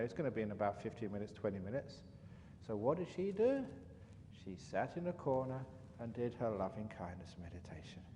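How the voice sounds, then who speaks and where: A man, a monk, giving a dharma talk as an animated, chatty storyteller. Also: lowish voice. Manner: animated, chatty storyteller with frequent "you know". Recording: reverberant hall, faint background noise.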